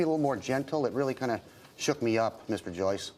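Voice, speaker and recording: A man's voice: mid-range voice, fast, darkish tone, a little hiss or hum. A man anchoring a business news program, asking long rambling questions with restarts and a joking touch. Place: television studio.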